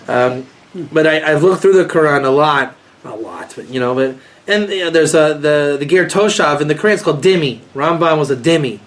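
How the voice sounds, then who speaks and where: A man's voice: a little high, fairly quick, slight background noise. A man, a rabbi, giving a rambling, joking informal lecture to a small group and asking them questions. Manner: rambling, joking, animated, asks the audience questions.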